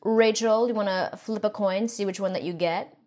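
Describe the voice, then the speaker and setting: A woman's voice: mid-range voice, fairly even intonation, normal speed, a little mellow. Joking young woman co-host. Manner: jokey, drives the segment. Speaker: podcast co-host. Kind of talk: casual chat.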